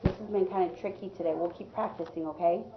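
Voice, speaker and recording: A lowish-voiced woman teaches a class of first graders at an elementary school, coaxing them along with questions and praise in a steady tone and quick pace. The audio is muffled, with a noisy background.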